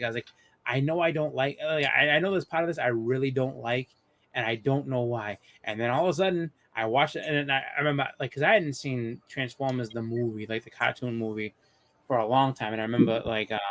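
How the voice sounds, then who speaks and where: A man's voice: medium pitch, fairly bright tone. A man in his thirties hosting a live comics show, chatting casually and rambling through stories with many restarts and fillers. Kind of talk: casual chat.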